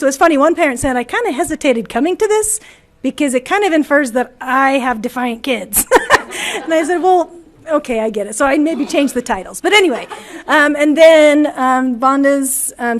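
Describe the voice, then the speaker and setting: A woman presenting at a conference, speaking in a friendly, informal way with fillers. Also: high voice. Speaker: school presenter.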